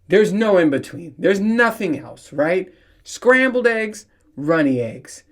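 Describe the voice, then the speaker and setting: A man's voice: high-pitched, very animated, takes it slowly, fairly bright tone. Profane rambling man ranting on a podcast. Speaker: podcast host. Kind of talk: casual solo podcast rant.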